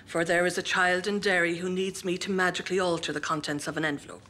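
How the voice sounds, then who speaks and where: An actress playing a sardonic middle-aged nun headmistress in a sitcom, with a dry, withering deadpan delivery. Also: female voice, on the low side, quick pace, a little hiss or hum. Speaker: school headmistress. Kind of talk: broadcast sitcom acting.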